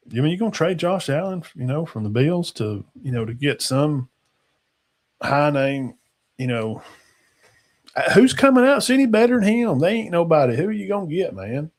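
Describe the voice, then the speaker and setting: A man, hosting a casual football talk show in a rambling, folksy way that trails off into mumbles. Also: on the high side. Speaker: sports talk show host.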